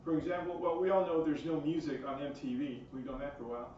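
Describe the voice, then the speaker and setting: A man doing a stand-up comedy set in a small cafe, delivering deadpan one-liners with fillers. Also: on the high side, fast talker. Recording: far-off echoey lo-fi room recording with noise.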